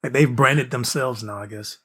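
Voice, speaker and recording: A man's voice: medium pitch, moderate pace, fairly bright tone, husky. A man hosting a podcast, chatting casually and making wry jokes about a cartoon. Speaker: podcast host.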